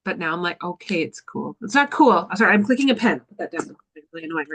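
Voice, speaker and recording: A woman's voice: mid-range voice, animated, rapid-fire, fairly bright tone. Upbeat Canadian woman chatting. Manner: upbeat, filler-heavy, lots of "like". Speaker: podcast co-host. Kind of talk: casual chat.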